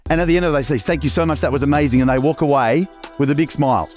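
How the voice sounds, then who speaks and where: A middle-aged man with an Australian accent, giving an animated seminar talk and asking the audience questions. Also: a little high, soft background music. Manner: animated, quick, asks the crowd questions. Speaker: business coach.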